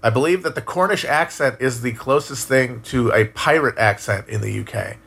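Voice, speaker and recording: A man casually talking on a live stream and answering chat, musing out loud, swearing now and then, with frequent restarts. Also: mid-range voice, normal speed, vocal fry, husky. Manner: rambling, musing, profane, many restarts.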